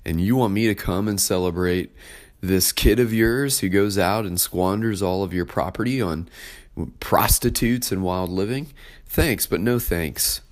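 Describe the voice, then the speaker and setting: A bitter, hardworking older brother airs his grievances in a tone of indignant complaint, as a man puts him on. The voice sits a little higher than the speaker's deep natural register but keeps its low weight. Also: lively intonation, measured pace, darkish tone.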